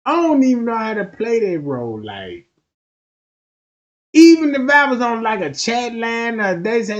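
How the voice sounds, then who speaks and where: A man's voice: extremely high pitch, sing-song, normal speed, highs cut off. A man doing rowdy, profane comedic commentary on a stream.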